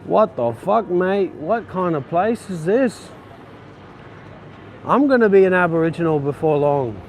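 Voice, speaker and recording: Guy on a street ranting, swearing, fed up, voice a bit on the high side. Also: animated, unhurried, darkish tone, a little hiss or hum. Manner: frustrated, swearing, grumbling. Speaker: vlogger. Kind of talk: profane ranting vlog. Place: outdoor city streets.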